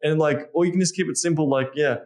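A man with an Australian accent talks in a relaxed podcast chat, with a voice that sits fairly high for a man. He is blunt and swears constantly. He slips into little acted lines of what he would say. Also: quick pace. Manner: blunt and heavily profane, acts out lines he would say. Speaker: guest, dating and sex coach. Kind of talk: candid podcast conversation.

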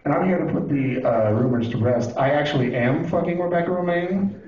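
A man doing a profane, animated stand-up routine on a club stage, now and then breaking into shouted impressions. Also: fairly high pitch, fairly quick. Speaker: stand-up comedian. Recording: roomy, distant, dull lo-fi club recording. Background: audience laughing.

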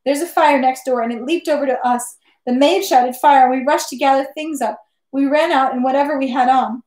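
A woman voicing a distraught middle-aged mother who pleads and wails in a high, shaky voice. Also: fairly even intonation, moderate pace, darkish tone, reverberant, natural voice. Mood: sobbing.

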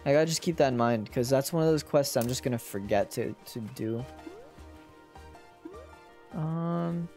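A streamer giving casual gameplay commentary, excitable and joking, who talks back to the game. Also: mid-range voice, moderate pace, pauses often, faint music behind.

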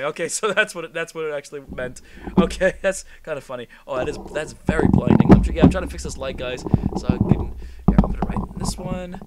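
A man commentating a game he is playing, excitable and profane, often shouting at the screen. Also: on the high side, very noisy. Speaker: gamer. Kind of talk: profane let's-play commentary.

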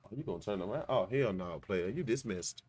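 A man's voice: lowish voice, expressive, fairly quick, a little mellow, slightly rough, dry recording. A man streaming a shooter game, teasing his teammates playfully with old-school slang. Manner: playful, teasing, full of retro slang and laughter. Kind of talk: casual gaming commentary.

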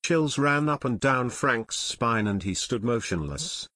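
Male audiobook narrator, steady, mid-pitched, dry close studio sound. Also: unhurried, no echo. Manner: steady storytelling. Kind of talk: scripted narration.

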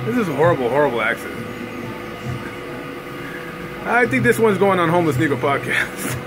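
A man's voice: on the high side, big pitch swings, brisk, long pauses, noisy background. A man ranting casually into his camera, sarcastic and mocking, laughing at his own jokes. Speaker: vlogger.

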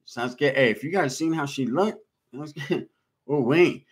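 A man's voice: medium pitch, slow pace, breathy edge. A man hosting a casual livestream, reading out viewer comments in a slangy, laid-back way. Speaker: livestream host.

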